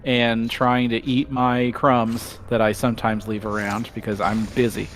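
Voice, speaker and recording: A man's voice: medium pitch, flat delivery, unhurried. A young man, a podcast co-host, chatting casually during a live gaming stream and telling a rambling story, laughing mid-sentence.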